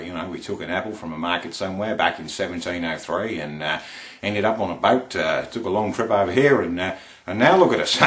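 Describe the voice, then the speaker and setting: A man playing a cheeky Australian bloke with an Australian accent, low and quiet. He drawls lazily with lots of fillers. The voice echoes in a roomy space. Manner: laid-back, mumbled. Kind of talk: comic accent impression. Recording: roomy echo.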